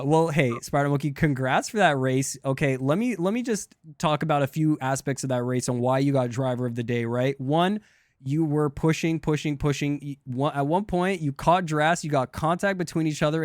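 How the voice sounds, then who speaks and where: A man hosting a sim racing league live stream, rambling excitedly and talking to his chat. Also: fairly high pitch, normal speed, no room sound, studio quality. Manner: hyped, rambling, talks to chat. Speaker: streamer and race league host. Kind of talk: casual live-stream commentary.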